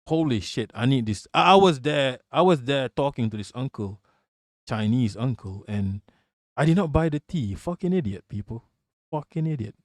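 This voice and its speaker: Male livestream host, casual chat, animated and profane, mid-pitched, dry close sound. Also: moderate pace, dry recording.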